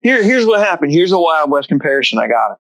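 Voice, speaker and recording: A young man co-hosting a podcast, adding sarcastic deadpan jokes in casual comedic chat. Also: a little high, fast talker, no echo, rough recording. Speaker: podcast co-host.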